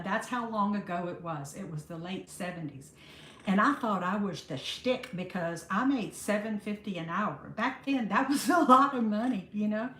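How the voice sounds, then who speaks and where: An older woman with a drawl chats on a livestream, greeting viewers by name and calling them honey. Her voice sits at an ordinary middle pitch. The room gives it a noticeable echo. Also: fairly bright tone, slight background noise. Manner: chatty, affectionate, calls viewers honey. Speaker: livestream host. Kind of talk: casual live chat greeting viewers. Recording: roomy echo.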